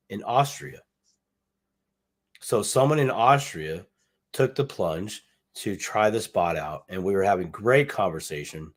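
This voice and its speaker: A man co-hosting a casual live talk show, rambling and repeating himself, with easy slang. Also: fairly low pitch. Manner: rambling, self-interrupting, repeats words; casual slang, says dude and bucks. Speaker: podcast co-host. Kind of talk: casual chat.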